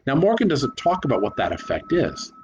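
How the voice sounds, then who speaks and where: A man's voice: mid-range voice, huge pitch swings, brisk, slight background noise. A man giving a reflective spoken lecture on rhetoric, talking emphatically and leaning hard on single words. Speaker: commentator on rhetoric.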